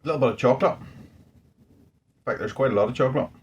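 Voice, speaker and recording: A man's voice: medium pitch, rapid-fire, lo-fi sound. A man, a home brewer, talking casually through a beer tasting in a rambling, thinking-aloud way, indoors at home. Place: indoors at home under a ring light.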